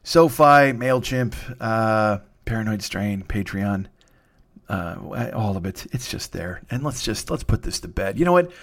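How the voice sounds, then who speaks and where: A man hosting a solo comedy podcast, tired and sniffly, rambling and swearing with self-mocking humor. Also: mid-range voice.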